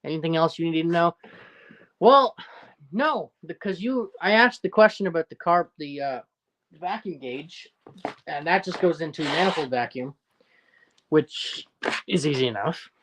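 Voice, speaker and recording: A man with a Newfoundland accent chats loosely on a livestream, answering viewer comments as they come in. He rambles and jokes, laughing often, with a relaxed, unscripted delivery. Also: fairly high pitch, a little slow, pauses often. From Newfoundland, Canada. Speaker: livestream host. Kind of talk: casual livestream chat, reading viewer comments aloud.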